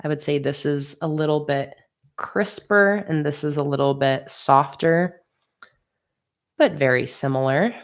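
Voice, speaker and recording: Designing stickers on a livestream, this woman talks in a relaxed, chatty way and reads out comments from viewers with easy laughter. Her voice is deep and her pace measured.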